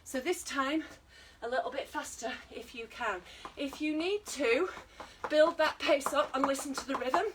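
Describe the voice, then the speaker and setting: A woman's voice: high-pitched, unhurried, recorded from a distance, slight background noise, low-quality recording. A British woman leading an online exercise class, encouraging and counting down while working out herself and getting out of breath. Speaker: fitness instructor.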